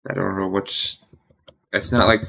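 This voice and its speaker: Low-voiced man muttering through study. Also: level tone, unhurried, gravelly. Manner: hesitant, self-questioning, trails off quietly. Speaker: streamer studying Italian. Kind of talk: thinking aloud while studying.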